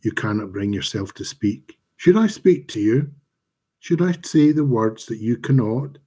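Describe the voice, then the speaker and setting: A man, the author, reading his dark fantasy fiction aloud in a slow, measured, dramatic way, over a home mic on a live stream. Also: mid-range voice, expressive, slightly rough.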